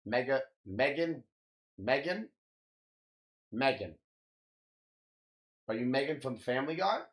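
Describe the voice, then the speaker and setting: A young man chatting casually on a live stream, slangy and swearing, venting about lag and reacting with drawn-out "wow"s. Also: medium pitch, sing-song, fairly bright tone. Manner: loose, slangy, swears often, exclaims "wow" a lot; frustrated, ranting about lag.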